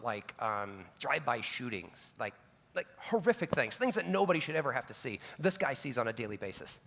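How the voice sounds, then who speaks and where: A man with a mid-range, slightly bright voice and some vocal fry preaches a sermon, telling earnest personal stories with casual asides and self-corrections. The long reverb of a large hall surrounds the recording.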